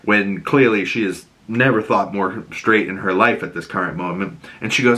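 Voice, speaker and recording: A man with a Boston accent giving a casual, animated episode recap, acting out the characters' lines. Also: lowish voice, moderate pace, hardly any pauses. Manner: animated, acts out characters' lines in raised voices. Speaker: TV show reviewer.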